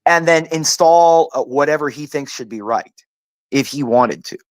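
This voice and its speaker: A man's voice: on the high side, normal speed, dry recording. A man ranting in heated casual talk, profane and rambling, who keeps saying "like" and "dude" and stumbles over restarts when he gets worked up. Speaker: panel host. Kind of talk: heated casual political rant.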